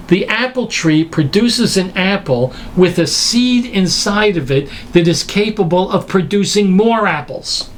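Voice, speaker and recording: A man's voice: high-pitched, slight background noise. A man preaching a lecture-style sermon, emphatic and full of rhetorical questions.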